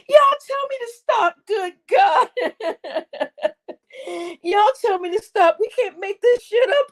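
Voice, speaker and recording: A young woman telling a story to her live chat, swearing freely and breaking into loud laughter again and again. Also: very high-pitched. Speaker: live streamer.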